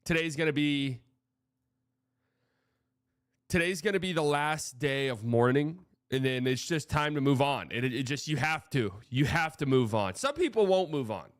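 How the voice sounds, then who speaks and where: A man's voice: medium pitch, moderate pace, no room sound, clean studio sound. Profane, rambling male sports streamer. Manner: frank, profane, rambling with restarts. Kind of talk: casual live-stream commentary.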